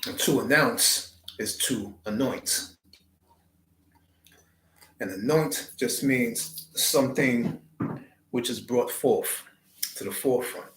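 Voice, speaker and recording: A man hosting his channel, giving a slow, reflective spiritual talk with deliberate, drawn-out phrasing. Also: mid-range voice, a bit bright, reverberant, low-quality recording. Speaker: channel host.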